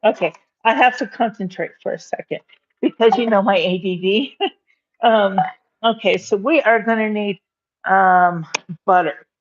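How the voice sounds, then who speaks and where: A chatty woman rambles through a home cooking video, filling pauses and laughing often. She talks in a slow, unhurried way. The sound is dull and lo-fi. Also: medium pitch. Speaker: cooking vlogger. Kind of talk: casual cooking chat to camera.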